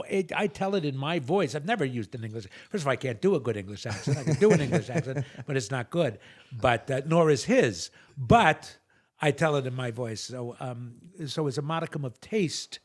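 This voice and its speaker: A man on a show as a guest, telling stories and jokes in animated conversation with big swings between loud and hushed. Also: mid-range voice. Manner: animated joke teller, quick shifts between loud and hushed.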